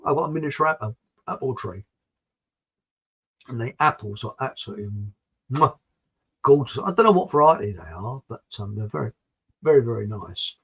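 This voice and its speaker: A man's voice: mid-range voice, lively intonation, moderate pace, long pauses, fairly bright tone, slightly rough, lo-fi sound. A man hosting a livestream, chatting in a meandering, rambling way and often repeating himself. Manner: chatty, meandering, repeats words, drifts between topics. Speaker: livestream host reading viewer comments. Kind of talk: rambling casual monologue.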